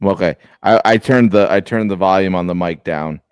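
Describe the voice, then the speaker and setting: A man's voice: sits low, moderate pace, clear, resonant tone, no echo. A man co-hosting a sports podcast over a video call, talking in a rambling way with frequent restarts. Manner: rambling, apologetic, restarts a lot. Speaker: podcast co-host. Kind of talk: casual sports chat. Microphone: remote video call.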